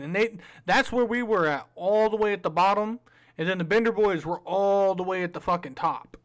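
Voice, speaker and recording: A man's voice: sits high, clear, resonant tone. A man co-hosting a livestream, telling stories in a rambling, profane way with plenty of fillers. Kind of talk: casual storytelling chat.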